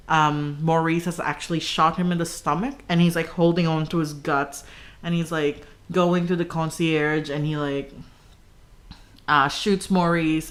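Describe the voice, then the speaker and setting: A young woman co-hosting a podcast, chatty and giggly as she retells a book's plot with quick asides. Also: low voice. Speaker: podcast co-host. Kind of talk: casual book discussion.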